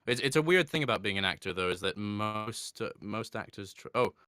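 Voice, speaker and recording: A man, a voice actor chatting in an interview, reflective and quick to laugh. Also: on the low side, animated, bright, forceful tone, clear, resonant tone, dry recording, clean studio sound. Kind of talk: casual interview talk.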